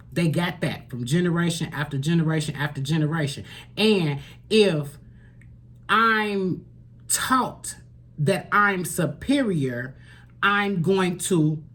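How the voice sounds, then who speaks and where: There's an earnest, moralizing tone to this woman's spiritual tarot reading, delivered straight to camera. Her voice leans low, she repeats lines for emphasis, and sometimes she drops almost to a whisper.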